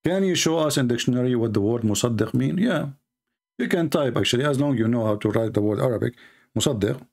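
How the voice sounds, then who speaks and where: A man's voice: mid-range voice, expressive, quick pace, vocal fry, a little mellow. A man giving mocking, polemical commentary as a religious debater, sarcastic and taunting.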